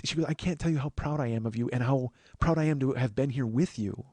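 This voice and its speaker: A man's voice: medium pitch, fast, hardly any pauses, a little mellow, no echo. A man hosting a podcast, telling a long personal story in a rambling casual way, acting out what others said. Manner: rambling, with restarts and acted quotes of others. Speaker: podcast host.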